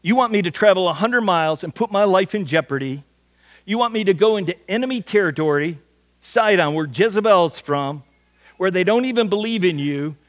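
A man's voice: high-pitched, lively intonation, fairly quick, fairly bright tone. A male preacher voicing an ancient prophet who mutters in disbelief to himself. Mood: incredulous. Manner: incredulous, muttering.

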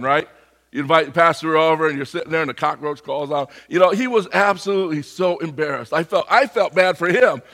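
Slightly hoarse pastor preaching. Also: male voice, a little high, long reverb tail. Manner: conversational, animated storytelling. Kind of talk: sermon with personal story.

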